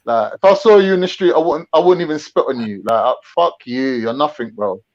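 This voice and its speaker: A young man trades brash, swearing insults in casual online banter, his voice sitting high. The stream audio is dull and lo-fi. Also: brisk. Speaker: guest on a livestream.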